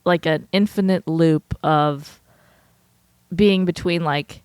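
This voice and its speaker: A woman's voice: low voice, takes it slowly, a little mellow, smooth, no echo. A young woman co-hosting a podcast, a sleep-deprived new mother chatting casually, rambling and laughing as she trails off mid-thought. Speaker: podcast co-host. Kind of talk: casual chat.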